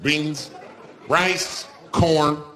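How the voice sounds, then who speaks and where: A man doing a stand-up comedy routine on stage, telling stories in a loose, profane, animated way. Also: fairly high pitch, very slow. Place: stage before a live audience. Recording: noisy live stand-up recording.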